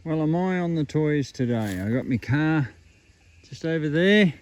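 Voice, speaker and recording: Excitable Australian man, lively pitch. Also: a little slow, a little hiss or hum. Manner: excitable, full of Aussie slang. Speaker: metal detecting vlogger. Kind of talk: casual outdoor vlog commentary. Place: outdoors at an old rubbish dump.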